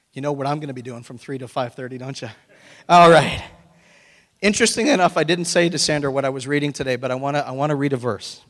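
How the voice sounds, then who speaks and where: A male pastor preaching a lively, animated sermon to his congregation. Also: mid-range voice, brisk, long pauses. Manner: animated, breaks into excited shouting and laughter. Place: church sanctuary. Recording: long reverb of a hall.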